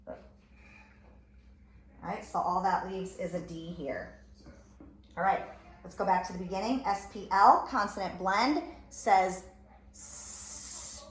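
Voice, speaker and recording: A woman's voice: mid-range voice, a bit bright. A woman teacher giving a recorded phonics lesson, sounding out letters and word parts one at a time. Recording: echoey room with faint ambient noise.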